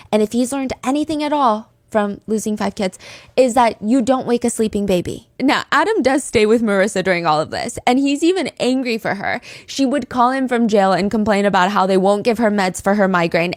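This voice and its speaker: A woman's voice: medium pitch, no echo. A woman hosting a podcast, telling a true-crime story with blunt, sarcastic commentary into a close mic. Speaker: podcast host.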